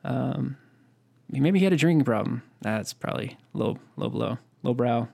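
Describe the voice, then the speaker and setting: A man's voice: mid-range voice, lively intonation, normal speed, vocal fry, mellow. A man co-hosting a podcast, chatting casually in a rambling, profane, joking way. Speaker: podcast co-host. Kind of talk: casual chat.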